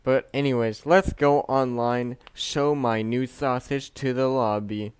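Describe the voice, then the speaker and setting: A young man talks over his mobile game in a smooth, clear voice, recorded close and dry with no room sound. He drawls along at an unhurried pace, muttering to himself, then bursts into loud yells and curses when things go right or wrong. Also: mid-range voice, no echo. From Canada. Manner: excitable, swearing, swings between mumbling and yelling. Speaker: gaming youtuber. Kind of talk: casual gameplay commentary.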